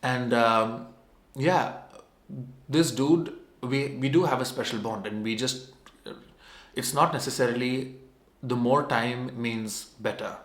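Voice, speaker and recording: A man's voice: medium pitch, steady tone, slow pace. A young adult man telling a personal story as a vlogger, in a meandering, conversational and self-mocking way. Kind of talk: casual storytelling. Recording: roomy echo.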